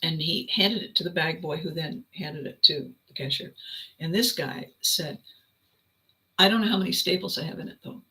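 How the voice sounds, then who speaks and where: Female podcast host, animated storyteller, bright tone. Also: low voice, moderate pace, rough recording. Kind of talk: reflective storytelling monologue.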